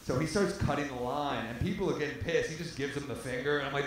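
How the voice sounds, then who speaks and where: A male comedian telling a stand-up story on stage in a club, animated and laughing through his own lines. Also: mid-range voice, fast. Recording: echoey comedy club with faint noise.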